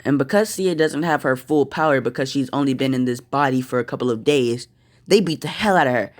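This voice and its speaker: A man telling an improvised fan story, slow and halting, with fillers. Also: mid-range voice.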